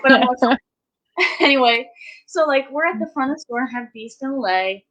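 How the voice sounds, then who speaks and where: A woman's voice: high-pitched, lively intonation, normal speed, a bit bright, poor audio. A woman telling stories in a casual chat, ranting animatedly with lots of fillers.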